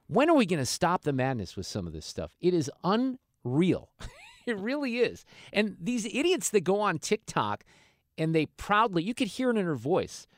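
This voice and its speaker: A man hosting a talk radio show, slightly higher-pitched than most men, with a lively, swinging intonation. His commentary is sarcastic and mocking. The sound is dry and close, straight from a studio microphone. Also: normal speed, dry recording.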